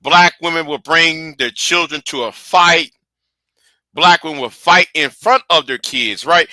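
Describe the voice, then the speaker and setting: A man hosting casual commentary, animated and rambling, often restarting and sinking to mutters. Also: on the high side, measured pace, no echo. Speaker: commentary host.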